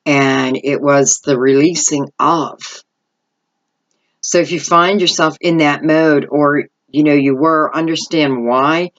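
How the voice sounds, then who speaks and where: A woman's voice: low voice, fairly even intonation, slow, muffled recording. A middle-aged woman giving an intuitive tarot reading, rambling and thinking aloud as she goes. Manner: rambling, thinking aloud, lots of "I feel like" asides. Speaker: tarot reader.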